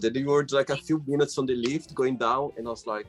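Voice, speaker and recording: A man's voice: medium pitch, fast, few pauses, faint music behind. A male host of a casual interview show, friendly and teasing, who retells stories by acting out what people said.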